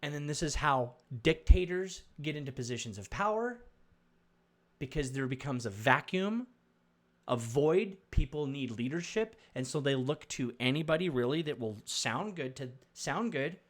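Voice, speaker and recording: A man's voice: a little high, expressive, normal speed. A man commenting on video clips, preachy and stumbling, repeating words as he lectures viewers.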